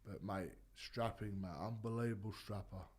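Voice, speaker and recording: Low-pitched Australian man, former rugby league player, casual rambling chat, lots of fillers and swearing. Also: steady tone, moderate pace, husky. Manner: rambling, swears freely, many fillers and restarts.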